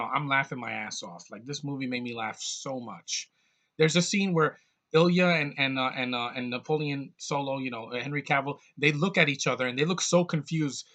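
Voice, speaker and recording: A man's voice: mid-range voice, a bit bright. A man giving a casual, rambling movie review, blunt and jokey, with lots of fillers and restarts.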